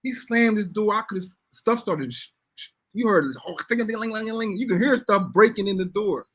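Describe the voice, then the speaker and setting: Husky high-voiced man telling a story. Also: moderate pace. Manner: animated, acts out voices in his stories. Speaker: storyteller on a podcast. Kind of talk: casual storytelling chat.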